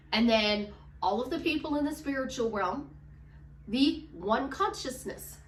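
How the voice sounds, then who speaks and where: A woman's voice: fairly high pitch, fairly bright tone, reverberant, distant mic. A woman life coach talking emphatically and acting out her clients' doubts in quoted voices. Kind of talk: casual motivational talk.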